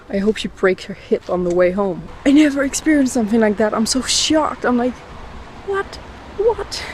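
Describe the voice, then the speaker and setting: Brief: indignant, foul-mouthed woman vlogger, mid-pitched voice, faint traffic hum outdoors, phone at arm's length. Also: animated, normal speed, a little mellow. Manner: indignant, heavy swearing, ranting. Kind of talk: casual vlog rant. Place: outdoors in a cemetery. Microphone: phone held at arm's length.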